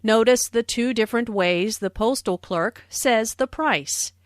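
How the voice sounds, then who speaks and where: A woman giving scripted English language notes, explaining phrases clearly and deliberately. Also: a little high, no echo, studio quality. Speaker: English teacher. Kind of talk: scripted language-lesson narration.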